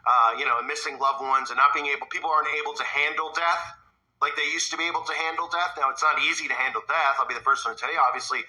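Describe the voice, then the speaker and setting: A man's voice: fairly high pitch, steady tone, fast talker, sharp tone, rough recording. A man delivering an emphatic commentary monologue, often asking his audience "right?". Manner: emphatic, rhetorical, asks "right?". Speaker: online commentator.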